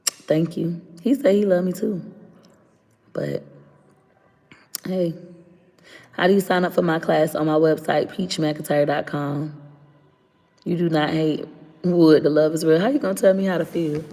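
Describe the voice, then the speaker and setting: A woman's voice: low voice, fairly even intonation, a little slow, long pauses, dark tone, in a large hall. A woman in her thirties talking casually on a livestream, blunt and candid, venting openly to her viewers. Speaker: livestream host.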